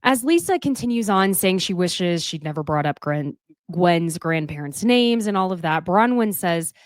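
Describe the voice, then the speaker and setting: A woman giving a casual, opinionated recap of a reality show, candid and quick to swear. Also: lowish voice, animated, no echo.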